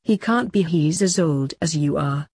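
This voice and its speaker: A woman reads a rude hospital orderly who snaps out short, sneering answers in a storybook tale. The voice is dark and husky, recorded dry and close. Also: low voice, lively intonation, a little slow, dry recording, heavily acted. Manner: curt, sneering.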